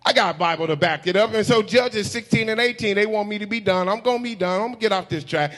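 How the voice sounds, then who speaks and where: A male pastor preaching a sermon in a church, with call-and-response, shifting between shouted singsong lines and quiet asides. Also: sits high, fast talker, hardly any pauses. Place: church sanctuary.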